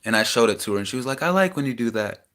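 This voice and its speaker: A young man in a small house, venting a raw personal rant that swings between heated outbursts and quieter reflection. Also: mid-range voice, lively intonation, racing. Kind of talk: emotional personal rant to camera.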